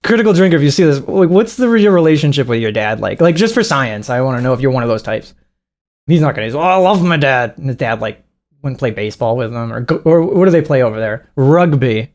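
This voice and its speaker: A podcast co-host talking in loose, casual chat, with a voice that swings widely up and down in pitch. The talk rambles and swears freely, breaking into mocking acted-out quotes. The pitch itself sits in a middle range. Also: lively intonation, fast talker, darkish tone.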